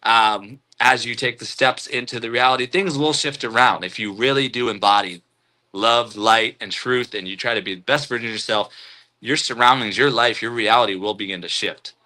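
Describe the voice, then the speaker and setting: A man hosting a live stream, reading out chat comments and musing in a relaxed, spiritual way, chuckling often. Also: medium pitch, normal speed.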